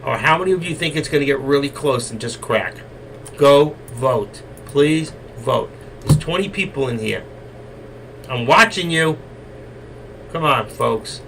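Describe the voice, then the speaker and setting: A man hosting a live trading stream, coaxing and teasing his viewers and now and then breaking into loud shouts. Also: mid-range voice, expressive, measured pace, gravelly. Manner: coaxing, teasing and exasperated with the chat. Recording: distant mic, faint room noise.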